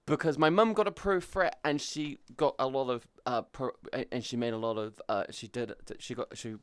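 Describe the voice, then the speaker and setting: A man's voice: mid-range voice, normal speed, clear, resonant tone, dry recording. A British man chatting casually on a live stream, rambling and swearing as he goes, with lots of restarts, close to the mic. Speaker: VTuber streamer.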